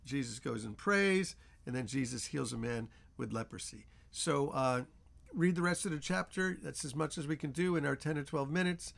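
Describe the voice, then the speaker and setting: A man's voice: fairly high pitch, moderate pace, creaky, fairly bright tone. A man teaching a Bible chapter as pastor, with earnest, repetitive emphasis.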